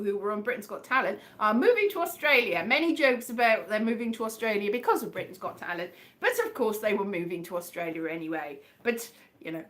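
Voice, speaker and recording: A woman's voice: mid-range voice, fairly bright tone. A woman comedian with a West Country accent, rambling through a casual, self-deprecating livestream chat.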